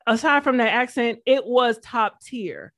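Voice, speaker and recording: A woman's voice: a little high, lively intonation, a little slow, dry recording, studio quality. A young woman with a slight Southern drawl, co-hosting a podcast in a blunt, sassy, slangy way. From American South. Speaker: podcast co-host. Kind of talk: casual chat.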